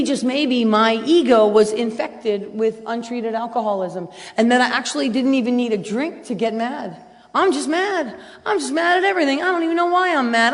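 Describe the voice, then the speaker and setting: A middle-aged woman speaking at a recovery convention, blunt and self-mocking, swinging between quiet and loud. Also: on the high side. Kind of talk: personal share at a convention. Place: large hotel ballroom. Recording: hall reverb from a convention room.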